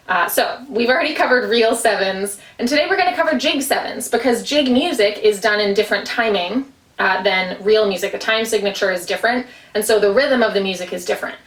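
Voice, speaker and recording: A woman teaching an Irish dance lesson in her small kitchen, explaining footwork and counting steps aloud as she dances. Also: medium pitch. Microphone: camera at a distance. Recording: echoey room, far from mic.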